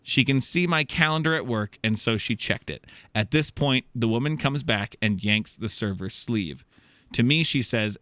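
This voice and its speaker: A man's voice: medium pitch, moderate pace, no echo, studio quality. A man hosting a comedy podcast, reading a listener's story aloud with joking asides and laughter. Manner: animated, laughing, jokey interjections. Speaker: podcast host.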